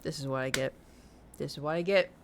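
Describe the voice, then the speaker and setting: A woman's voice: deep voice, a little fast, slight background noise. A young woman with a slight lisp from braces, chatting casually on a live stream and telling rambling, self-mocking stories with frequent laughter.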